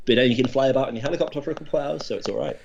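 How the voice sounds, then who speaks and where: A man co-hosting a comedy podcast, rambling in halting deadpan with many restarts. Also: medium pitch, gravelly. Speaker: podcast co-host. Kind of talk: absurdist comedy chat. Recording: dull lo-fi podcast audio.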